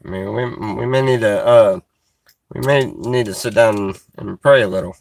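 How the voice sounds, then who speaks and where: A man chatting casually on a livestream, reading chat comments aloud, halting with many fillers and restarts and chuckling as he goes. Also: fairly low pitch, vocal fry, a little mellow, dry recording.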